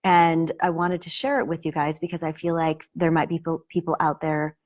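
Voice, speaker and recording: A woman's voice: low voice, fairly even intonation, a little fast. A woman acting teacher giving a casual spoken lesson to camera, earnest and explanatory, often restarting her sentences.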